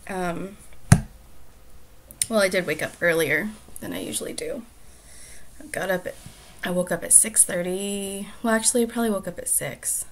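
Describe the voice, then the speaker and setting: A woman who reads a storybook aloud and then chats casually, soft-spoken and often dropping to near-whispers. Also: lowish voice, moderate pace, pauses often, a little hiss or hum.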